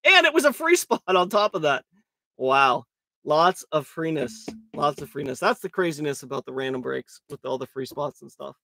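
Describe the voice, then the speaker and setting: A raspy-voiced man hosting a live card break, calling out cards in a crude, joking way and laughing often. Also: fairly high pitch, animated, a little fast, bright, forceful tone, no echo. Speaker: host of a live trading card box break. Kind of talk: casual live-stream commentary.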